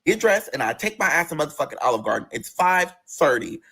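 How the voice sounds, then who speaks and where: Husky, fast-talking young man telling a story. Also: on the high side. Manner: profane, animated, acts out quotes in other voices. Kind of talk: casual storytelling.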